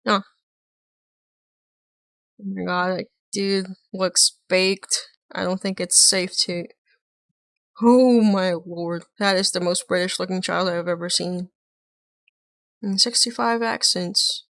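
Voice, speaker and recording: A woman's voice: fairly low pitch, fairly even intonation, slow pace, pauses often, a bit bright, no echo. A woman streaming, reacting to videos with casual commentary and joking, laughing asides.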